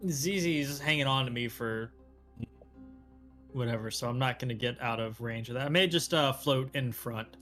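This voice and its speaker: A man plays a tabletop game and talks through his character's spell in an easy, unhurried way, with many pauses. His voice sits at a middle pitch, and faint music plays behind him. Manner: relaxed, hesitant, lots of fillers. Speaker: player. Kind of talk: casual tabletop game play.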